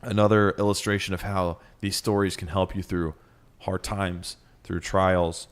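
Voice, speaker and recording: A man from Ohio co-hosting a podcast, chatting casually and reading listener letters aloud with quick asides. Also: deep voice, flat delivery, clean tone. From Ohio, USA. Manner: enthusiastic, reads letters with asides. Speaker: podcast co-host.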